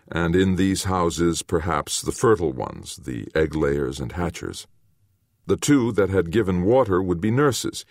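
A man reading a novel aloud as its narrator, in a measured, storytelling way. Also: deep voice, dry recording, studio quality. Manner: measured storytelling with expressive, varied intonation. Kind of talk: audiobook narration.

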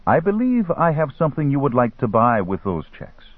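A man reading an audiobook, voicing a calm, scheming male merchant who works spells, smooth and quietly menacing. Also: mid-range voice, normal speed, dry recording, voice pushed up. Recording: tinny phone-like line.

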